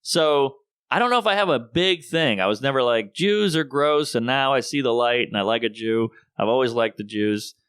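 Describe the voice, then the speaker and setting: A man, a comedian, talking in a casual podcast conversation and telling animated stories, acting out the voices of people he quotes. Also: mid-range voice, brisk, clear, resonant tone, no echo, clean studio sound. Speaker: comedian guest.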